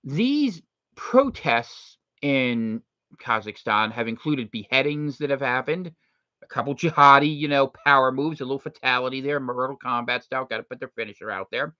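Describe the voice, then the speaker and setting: Animated man hosting casual commentary. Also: mid-range voice, no room sound. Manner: animated, jokey, slips into quick impressions. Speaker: host. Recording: dry, slightly muffled lo-fi recording.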